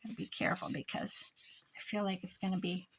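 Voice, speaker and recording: A woman's voice: on the low side, flat delivery, fast talker, a little hiss or hum, poor audio. A middle-aged woman with a Midwestern American accent, chatting casually to her viewers while she crafts in her craft room, rambling and laughing often. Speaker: crafting vlogger.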